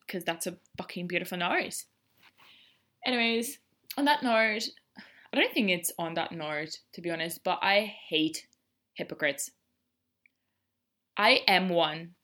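A young woman with a fairly low, bright voice and a forceful tone hosts a solo podcast. She rants casually in a blunt, profane, sarcastic monologue.

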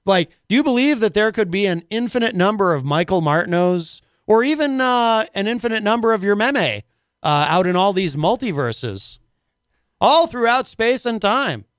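A man's voice: high-pitched, big pitch swings, normal speed, a bit bright, clear, resonant tone, dry recording, studio quality. A man hosting a casual talk radio show, rambling and full of filler words.

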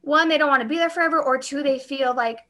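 A woman working as a labor and delivery nurse, chatting casually and telling quick stories with laughs. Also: high voice, fairly bright tone. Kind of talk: casual chat.

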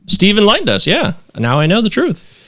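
A man's voice: sits high, huge pitch swings, normal speed, fairly bright tone, slight background noise. A man hosting a casual comedy podcast, reading listener emails aloud in mocking, exaggerated voices and laughing often.

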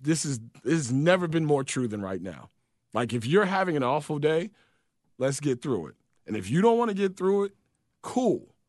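Man, casual co-host, slightly high voice, dry close mic, animated storyteller who swears. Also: normal speed, dry recording. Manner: animated storyteller, swears freely, acts out quotes. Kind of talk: casual chat.

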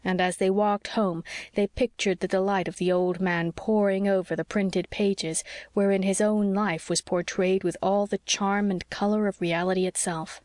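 A woman narrating an audiobook in a calm, measured way. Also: mid-range voice, no room sound, studio quality. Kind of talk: scripted narration.

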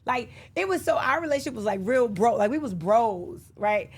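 A woman's voice: a little high, expressive, moderate pace, husky. A woman guest in casual interview chat, who tells stories animatedly and acts out the lines she quotes. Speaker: podcast guest.

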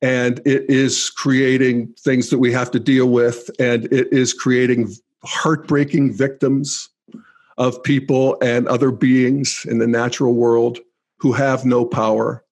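A man hosting his own podcast, talking through listener comments in a thoughtful, measured way with pauses. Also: mid-range voice, level tone, darkish tone. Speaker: podcast host. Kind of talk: reflective solo podcast monologue.

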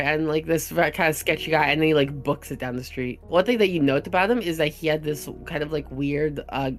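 Man, game master, rambling casual narration, soft music behind. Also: fairly high pitch, brisk, few pauses. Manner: rambling, filler-heavy narration.

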